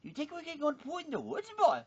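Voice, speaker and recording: A woman's voice: high-pitched, big pitch swings, fast, darkish tone. Woman putting on drawling boy Lilian. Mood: uneasy. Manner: drawling, repeats "man". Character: boy Lilian, nervous young country kid.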